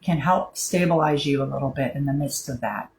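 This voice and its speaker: A woman speaking to viewers about handling grief, in a gentle, rambling way with fillers and restarts. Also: a bass voice, brisk, slight background noise, low-quality recording. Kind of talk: casual spoken advice to camera.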